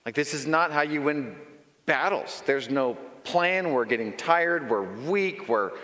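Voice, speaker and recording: A man's voice: a little high, expressive, a little slow, bright, forceful tone. A man voicing a frustrated, seasoned soldier complaining about the plan, in a long-reverb hall. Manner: exasperated complaining. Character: frustrated seasoned male soldier, blunt and fed up.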